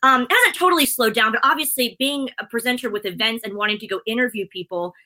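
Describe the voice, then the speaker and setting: A woman's voice: on the high side, quick pace, sharp tone, poor audio. A middle-aged woman, a presenter, chatting as an interview guest in a bubbly, chatty way. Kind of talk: casual interview chat.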